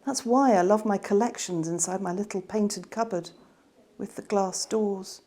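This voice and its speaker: A woman reading her children's novel aloud in a gentle, expressive way. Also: medium pitch, moderate pace. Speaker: author reading her book.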